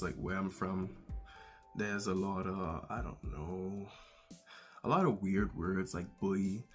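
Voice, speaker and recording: A young man from the Bahamas with a Bahamian accent and a raspy voice, hosting his own channel in a relaxed, casual way with many fillers. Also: deep voice. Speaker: channel host. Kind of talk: casual vlog monologue.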